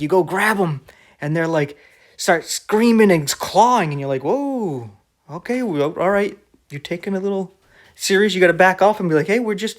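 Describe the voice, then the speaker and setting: Conversational male preacher, slightly high voice. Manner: conversational, with many restarts and filler words. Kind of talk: casual sermon.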